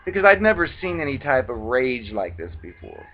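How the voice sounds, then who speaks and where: Animated man telling a story, lo-fi. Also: mid-range voice, normal speed. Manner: animated, acts out quoted voices dramatically. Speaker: video blogger. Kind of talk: casual storytelling monologue. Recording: dull lo-fi recording.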